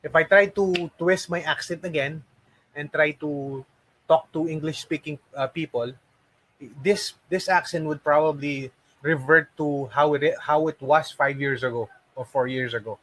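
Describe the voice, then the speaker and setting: Man, 40s, call center coach, casual lesson, slightly high voice, restarts often, keeps asking "okay?". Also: a little slow, fairly bright tone, low-quality recording. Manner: keeps checking in with "okay?", with frequent restarts and fillers. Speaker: call center trainer and course creator.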